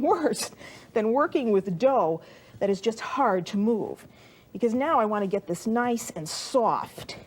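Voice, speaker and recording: Lively-voiced woman hosting a cooking show. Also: fairly high pitch. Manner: warm, chatty, talks to the viewer while kneading dough. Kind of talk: chatty cooking demonstration. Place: studio kitchen.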